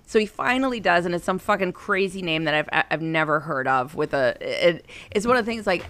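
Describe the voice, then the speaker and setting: A woman's voice: lowish voice, lively intonation, normal speed, a bit bright. A woman in her thirties casually telling a personal story, rambling and profane, with an exasperated tone.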